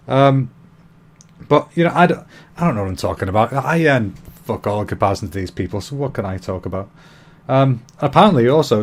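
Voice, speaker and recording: A man from Britain hosting a comedy podcast, ranting in a rambling, sweary way and laughing at his own jokes. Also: mid-range voice. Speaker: podcast host. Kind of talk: comedic rant monologue.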